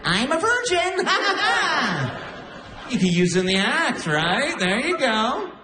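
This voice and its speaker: A man's voice: very high voice, very animated, slow, sharp tone, reverberant, in a large hall, faint music behind, pitched above the performer's own voice, exaggerated voice. A cackling toy-box mascot guy. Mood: goofy. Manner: goofy, cackling. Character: cheesy laughing man pictured on a toy box. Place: live comedy stage.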